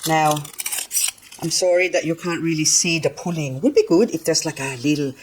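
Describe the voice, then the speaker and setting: A woman's voice: low voice, moderate pace, slight background noise, poor audio. An older woman, chatting nonstop and giggling as she cleans up her plants for a gardening vlog. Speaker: gardening vlogger. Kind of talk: casual chat while working.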